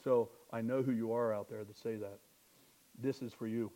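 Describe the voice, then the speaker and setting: A male pastor delivering a sermon in a relaxed, conversational manner. He leans on rhetorical questions and dry, self-deprecating humor, speaking in an ordinary middle pitch. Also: moderate pace.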